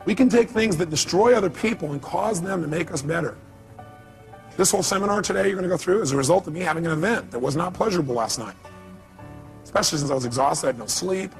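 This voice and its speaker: This man's voice is high-pitched with vocal fry, and he moves at a quick pace while soft music plays behind him. A motivational speaker live in a seminar hall, he hammers home his key phrases and keeps throwing questions at the audience.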